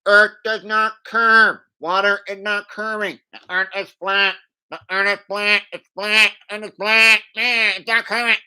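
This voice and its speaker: A man mimicking another man who chants slogans slowly and loudly through a bullhorn. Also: sits high, clean tone, voice pushed up, exaggerated voice. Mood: chanting. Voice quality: loud, slow, monotone chanting.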